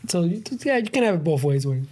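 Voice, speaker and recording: A man's voice: fairly high pitch, big pitch swings, quick pace, warm tone. A man in casual podcast chat. He argues his points and switches between Spanish and mid-sentence. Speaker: podcast co-host.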